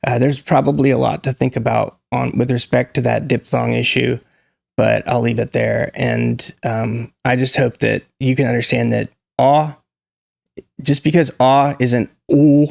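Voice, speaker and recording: A man's voice: medium pitch, creaky, no echo, studio quality. A man from Georgia with a standard American accent lightly tinged with Southern vowels, talking casually on his own channel in a chatty, hesitant way with many fillers and restarts. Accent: standard American with a slight Southern tinge. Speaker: host. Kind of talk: casual solo talk.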